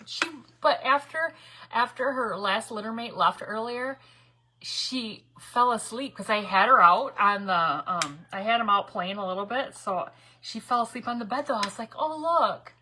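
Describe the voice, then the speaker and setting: A woman's voice: a little high, normal speed, bright, forceful tone, breathy edge. A middle-aged woman hosting a casual craft livestream from her home craft room, chatty, laughing often and greeting viewers by name. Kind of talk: casual live-stream chat.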